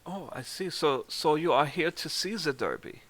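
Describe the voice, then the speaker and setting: A rich German horse owner with a clichéd, hammy accent fawns over his guest, as a man puts him on for a tabletop game. His voice is bright and forceful, and his manner is overly gallant. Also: mid-range voice, lively intonation, moderate pace, voice pushed up.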